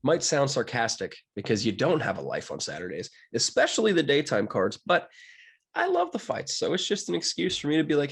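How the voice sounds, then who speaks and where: A man's voice: a little fast, vocal fry, husky. A young man from Pennsylvania chatting casually and jokingly about fight betting picks, with big swings in his delivery. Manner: animated, jokey, wide swings in pitch. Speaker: sports betting commentator. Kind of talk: casual solo betting talk.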